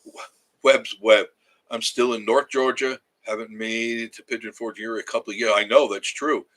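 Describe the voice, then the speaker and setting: A man's voice: medium pitch, steady tone, normal speed, a bit bright, poor audio. A man, chatting casually on a livestream from his cabin and reading viewer comments aloud in a rambling way. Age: 70s. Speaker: livestream host. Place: home cabin.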